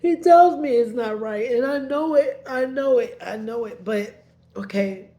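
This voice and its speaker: A woman with a fairly high, mellow voice tells a painful personal story unhurriedly and in a rambling way. She begins heated, then grows subdued, at times tearful.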